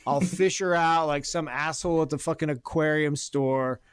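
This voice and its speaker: A man telling a long profane story about his neighbor in casual podcast chat, animated and blunt. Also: a little high, normal speed, clean tone, no echo. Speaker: podcast host. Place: Oregon.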